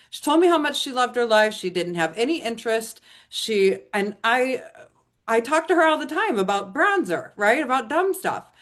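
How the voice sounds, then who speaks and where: A woman's voice: mid-range voice, a bit bright. A middle-aged woman telling a chatty, emphatic testimonial story to an audience, rambling with restarts. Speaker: network marketing speaker.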